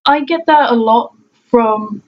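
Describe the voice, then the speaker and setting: A woman's voice: a little high, slow pace. A young woman chatting casually to camera at home about her pet peeves. She laughs often and acts out what other people say. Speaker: vlogger. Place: room at home. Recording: dull lo-fi audio with faint noise.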